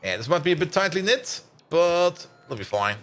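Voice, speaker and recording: A man's voice: a little high, sing-song, moderate pace, fairly bright tone, soft background music. A tired man streaming a factory-building game, chatting and rambling as he plays, with frequent laughs and casual swearing. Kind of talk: casual gameplay commentary.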